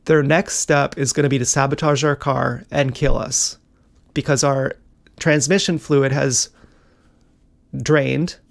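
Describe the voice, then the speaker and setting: A man's voice: medium pitch, steady tone, measured pace, creaky. A young man talking in a rambling, agitated monologue, swearing often and jumping between worries. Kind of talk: casual monologue vlog.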